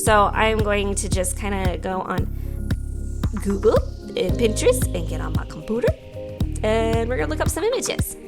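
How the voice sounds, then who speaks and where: A woman's voice: medium pitch, very animated, normal speed, over music. A young adult woman hosting an art channel, chatting playfully to kids in a bubbly, jokey way. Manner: bubbly, jokey, talks to herself. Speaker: art teacher and channel host. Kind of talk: playful casual vlog talk to kids.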